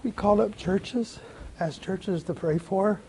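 A middle-aged man preaching a sermon, telling a personal story in an earnest way, repeating words and swinging between soft and loud. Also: high voice, measured pace, slight background noise.

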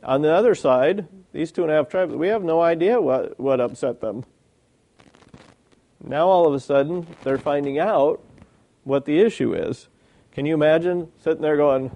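A man's voice: fairly high pitch, moderate pace, dark tone, dry recording. A man preaching a sermon, reading old commentary aloud and breaking off to ask his listeners questions.

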